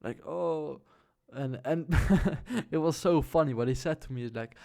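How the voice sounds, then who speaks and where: A man's voice: a little high, unhurried, vocal fry, darkish tone. A young man casually telling a personal story to the camera, loose and slangy, with many fillers. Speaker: vlogger.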